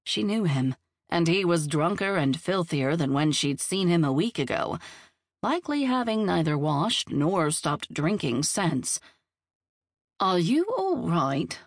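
Audiobook narrator, female, low and dry, measured storytelling. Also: lively intonation, no echo. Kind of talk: scripted narration of a novel.

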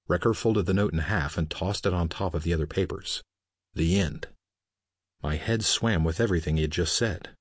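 A man narrating an audiobook in an even, steady storytelling manner. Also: deep voice, a little fast, husky, no echo, studio quality. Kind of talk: scripted narration.

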